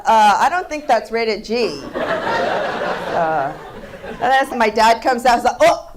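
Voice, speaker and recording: A woman comedian who grew up in Seattle, telling stories in a stand-up set with deadpan delivery and abrupt punchlines. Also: a little high, slow, a crowd in the background, background noise. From came to the US at age four, grew up in Seattle.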